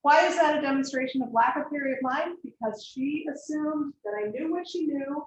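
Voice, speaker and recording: A middle-aged woman lecturing students on counseling, explaining clearly and directly with worked examples. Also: high voice, a little fast, hardly any pauses. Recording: echoey room, faint background hiss.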